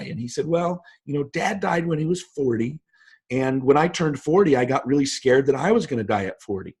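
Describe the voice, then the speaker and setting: A man's voice: mid-range voice, darkish tone, breathy edge. A man in his fifties telling stories with emphasis as a guest in an interview, his voice jumping up for quoted lines. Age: 50s. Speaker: guest speaker. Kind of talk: motivational interview talk.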